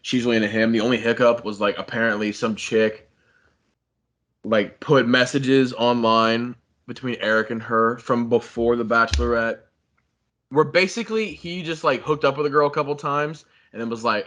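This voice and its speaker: A man's voice: medium pitch, a little fast, a bit bright. A young man, a podcast co-host, animatedly retelling a story in casual chat, swearing a lot and saying "like" constantly.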